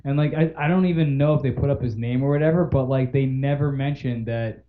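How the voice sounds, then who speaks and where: A young man co-hosting a podcast, an animated storyteller who acts out the people he quotes and swears a lot. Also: medium pitch, brisk, hardly any pauses, muffled recording. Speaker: podcast co-host. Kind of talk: casual chat.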